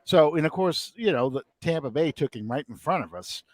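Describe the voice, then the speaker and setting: A man's voice: a little high, fairly quick, no room sound. A middle-aged man, hosting a podcast and telling a story in casual chat, acting out the quotes he tells. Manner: animated, acts out quotes. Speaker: podcast host.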